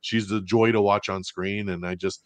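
A man co-hosting a casual movie review show, talking in an animated way, acting out characters' lines and swearing casually. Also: fairly low pitch, moderate pace, no room sound. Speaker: podcast co-host.

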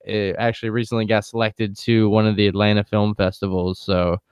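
A man's voice: on the low side, flat delivery, brisk, a little mellow, smooth, no echo. A man with a New York accent co-hosting a podcast in casual, slangy chat, laughing often. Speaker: podcast co-host.

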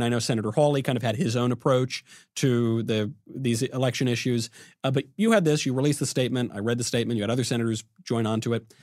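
A man hosting a political podcast, setting up questions for his guest in an animated, conversational way. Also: mid-range voice, no room sound, clean studio sound. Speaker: podcast host. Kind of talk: casual political podcast talk.

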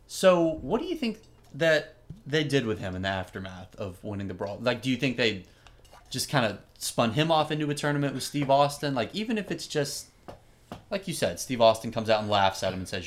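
A man co-hosting a casual podcast, recounting events with real energy. His pitch rises and falls a great deal as he acts out other people's lines. His voice sits in a middle register. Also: normal speed. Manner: animated storytelling, acts out quoted lines. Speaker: podcast co-host. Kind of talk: casual chat.

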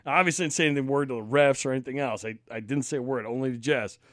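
A man co-hosting a podcast, telling an animated, profanity-laced story about his kid's soccer game. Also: mid-range voice, racing, no echo, studio quality. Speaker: podcast co-host and parent. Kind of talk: casual chat.

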